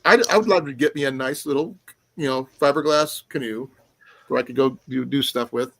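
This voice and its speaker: A man's voice: mid-range voice, a little fast, creaky, fairly bright tone, no room sound. A man co-hosting a casual podcast chat, rambling and laughing often. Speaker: co-host.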